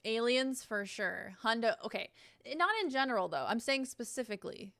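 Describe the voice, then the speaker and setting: A woman's voice: a little high, normal speed, fairly bright tone, dry recording, clean studio sound. A young woman streaming at home, chatting casually in a giggly, rambling and self-deprecating way as she reacts.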